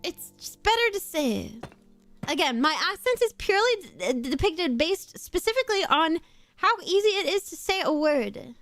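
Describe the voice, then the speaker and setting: A woman with a high voice chats casually on stream as she plays, rambling through quick asides. Her sound is dry and close, with faint background music playing underneath. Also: dry recording. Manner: chatty and rambling, quick asides, laughs often. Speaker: VTuber streamer. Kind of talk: casual chat while playing a game on stream.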